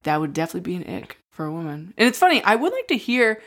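A woman with a lowish voice co-hosts a casual podcast. She talks bluntly, swears freely and laughs through her stories. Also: very animated, very fast, fairly bright tone. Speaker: podcast co-host. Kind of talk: casual chat.

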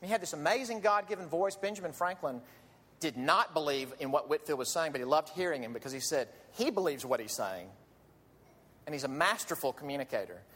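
In a church sanctuary, a man delivers a sermon as pastor, pleading earnestly and asking his listeners one question after another. His voice is a little high, a bit bright and husky, with lively intonation and a fairly quick pace. A large hall's long reverb carries his words.

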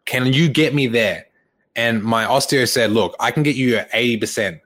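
A man's voice: medium pitch, normal speed. A young man, a fitness coach, casually retelling a story and acting out the lines of the people in it, with frequent laughs. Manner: animated retelling, acts out quoted dialogue, laughs often.

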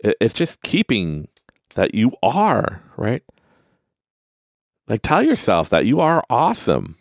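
A man's voice: medium pitch, wildly swooping pitch, takes it slowly, creaky, pauses often, dry recording, clean studio sound. A man hosting a podcast, talking casually about self-help and laughing at his own rambling stories. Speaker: podcast host.

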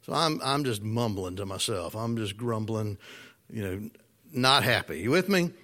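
A man preaching a sermon, telling a personal story in a folksy, animated way and asking the congregation questions. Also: fairly low pitch, moderate pace. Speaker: pastor.

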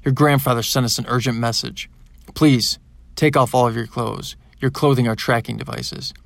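A man voicing a loud, formal male spokesman announcing from a spaceship in an audiobook. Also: medium pitch, fairly even intonation, moderate pace, vocal fry, no echo.

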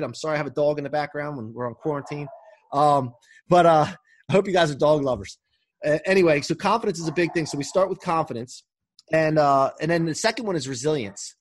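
Speaking from home during quarantine, a coach appears as a podcast guest, talking casually and eagerly in a high-ish, breathy voice. He rambles and restarts often in this casual interview.

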